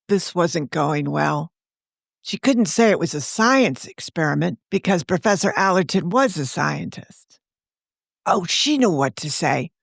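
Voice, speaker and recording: A woman author narrating her own story in a measured, wry storytelling manner. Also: lowish voice, lively intonation, gravelly, dry recording, clean studio sound.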